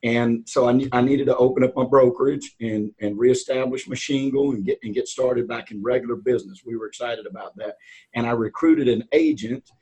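A husky-voiced man tells a long, winding story as a podcast guest. He is animated and restarts his sentences often. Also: mid-range voice, fairly quick, low-quality recording. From north of Atlanta, US. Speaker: guest, real estate auctioneer. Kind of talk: casual storytelling in a podcast interview.

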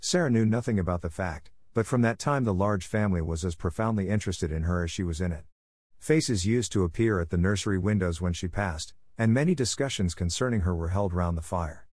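Man, narrator, audiobook of a classic, lowish voice, dry, steady. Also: fairly quick, no room sound. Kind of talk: audiobook reading of a classic novel.

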